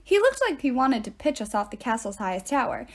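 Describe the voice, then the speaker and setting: A woman reading a novel aloud in an expressive way, with deadpan asides. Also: a little high, brisk. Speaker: narrator. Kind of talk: audiobook-style reading aloud.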